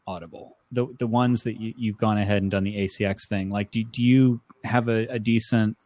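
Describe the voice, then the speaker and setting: A man's voice: lowish voice, steady tone, brisk, a little mellow, no room sound. A man co-hosting a podcast, asking long, probing questions as he thinks aloud. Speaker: podcast co-host. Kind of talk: casual podcast chat.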